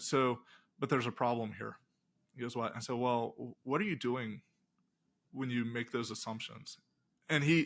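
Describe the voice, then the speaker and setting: A man's voice: medium pitch, gravelly. A middle-aged man, a pastor and game designer, telling stories in a casual interview and acting out the dialogue. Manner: animated retelling with quoted dialogue.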